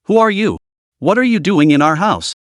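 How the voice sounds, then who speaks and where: A man's voice: high-pitched, lively intonation, normal speed, no room sound, voice pushed up. A man voicing a spoiled, rude rich teenage boy in a plain storytelling read, with a dry close sound. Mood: flippant.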